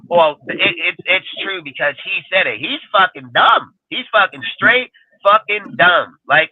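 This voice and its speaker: A man's voice: high-pitched, dry recording. Profane ranting man on a tinny line. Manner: profane ranting, heavy swearing. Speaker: podcast panelist. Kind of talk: heated casual sports talk.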